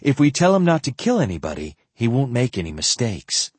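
A man's voice: medium pitch, wildly swooping pitch, brisk, slightly rough, no echo. A man reading the part of a firm, shrewd female mystic, lifting his voice slightly.

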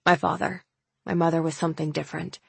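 A woman reading the lines of a shy, guarded young man who has long fended for himself, spoken quietly and hesitantly. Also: low-pitched, little pitch movement, fast talker, gravelly, slightly rough, no echo, heavily acted.

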